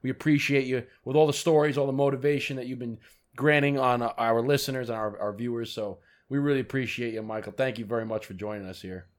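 A man's voice: medium pitch, steady tone, fast talker. Podcast host, man, upbeat, laughs easily, gushes thanks. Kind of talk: casual interview.

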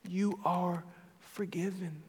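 A man preaching a sermon as a pastor, swinging between loud declarations and hushed, intimate moments. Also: high-pitched, steady tone, slow, breathy edge, long reverb tail.

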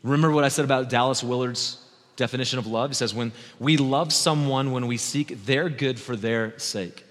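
A man in his thirties preaching a sermon with passion, shifting from soft, slow words to loud, high ones. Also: long reverb tail. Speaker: pastor.

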